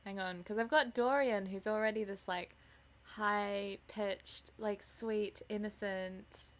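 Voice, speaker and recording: A woman's voice: medium pitch, fairly even intonation, slow. A sleepy woman streamer chatting casually with her viewers in a rambling, self-mocking way before reading a novel aloud.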